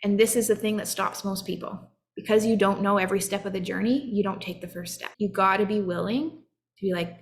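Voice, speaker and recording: Earnest woman with a gravelly edge. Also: mid-range voice, brisk. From Canada. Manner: earnest, encouraging, acts out short quoted voices. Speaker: self-help coach. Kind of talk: motivational talk.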